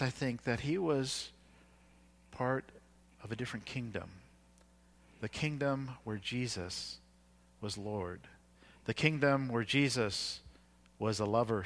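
A man preaches in an easy, conversational way, at an ordinary middle pitch. He retells the scripture in plain everyday words, pausing on fillers and restarting his sentences as he goes. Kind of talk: sermon.

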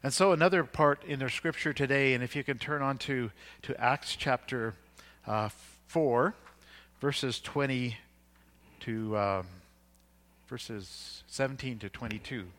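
A man preaches in an easy, conversational way, at an ordinary middle pitch. He retells the scripture in plain everyday words, pausing on fillers and restarting his sentences as he goes. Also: a bit bright. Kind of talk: sermon.

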